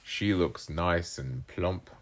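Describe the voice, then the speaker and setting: Fluffy Cat, a woman doing a sly, slow-talking cat. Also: extremely low pitch, a little hiss or hum, voice pushed down. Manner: slow, smooth and coaxing. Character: sly scheming male house cat. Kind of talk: storybook read-aloud.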